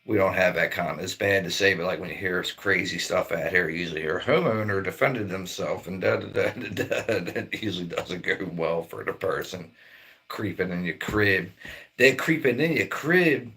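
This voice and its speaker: A man's voice: sits low, moderate pace, bright, forceful tone. A middle-aged man from Maryland rambling in laid-back, profane casual chat as a livestream host. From Maryland, near Baltimore.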